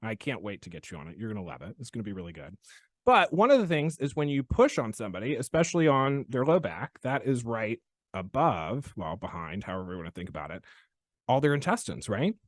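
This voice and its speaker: A man hosting a podcast as a chiropractor, telling a story in a playful, animated way and laughing often. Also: fairly low pitch, a little fast, dry recording, clean studio sound. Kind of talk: casual podcast chat and storytelling.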